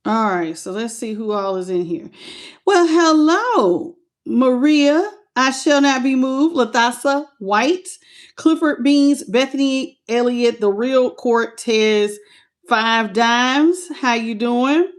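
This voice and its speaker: Chatty woman, live-stream tarot reader, voice sits a bit high. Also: slow pace. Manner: chatty, greets chat viewers by name.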